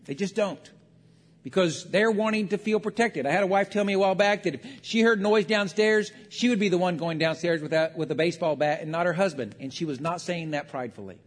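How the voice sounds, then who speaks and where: A man's voice: high-pitched, brisk. A man preaching a sermon on marriage, talking conversationally and acting out quotes. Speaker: pastor. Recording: long reverb of a large hall.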